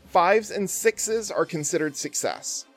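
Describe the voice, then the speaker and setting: Game master, relaxed storyteller, animated delivery, faint music bed. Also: medium pitch, measured pace. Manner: relaxed, explains rules plainly. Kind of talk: narrating a tabletop game.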